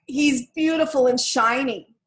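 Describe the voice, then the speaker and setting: A woman's voice: high voice, a little slow, voice pushed up. A woman voicing an earnest, stubborn little girl who befriends a crow, in a storybook read-aloud. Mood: excited. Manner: bright, insistent, earnest.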